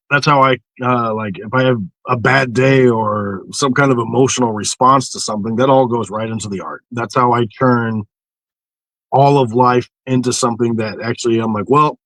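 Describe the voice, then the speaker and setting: A man's voice: mid-range voice, no room sound, rough recording. A man in casual podcast chat, swearing freely and acting out voices as he tells stories. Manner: profane, animated storytelling with mocking inner voices.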